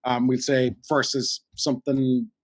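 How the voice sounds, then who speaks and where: A man's voice: mid-range voice, level tone, a little slow, no echo. A man with a Cork Irish accent, a radio presenter telling stories in a rambling, chatty way as a podcast guest. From Ireland. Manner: chatty storyteller, rambling with many "you know"s. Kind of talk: casual podcast chat.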